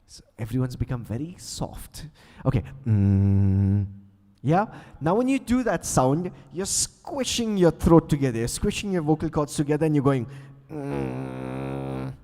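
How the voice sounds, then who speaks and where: A man's voice: fairly high pitch, sing-song, moderate pace, dark tone. A man teaching beatbox sounds on stage, playfully coaxing the audience to join in. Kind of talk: live stage workshop. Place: large conference hall. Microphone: handheld stage mic. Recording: long hall reverb.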